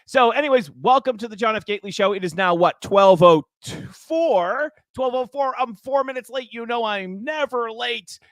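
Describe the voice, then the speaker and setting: A man's voice: very high-pitched, brisk, hardly any pauses, fairly bright tone, no echo. A man hosting a casual political talk show, chatty and rambling, with frequent restarts and asides.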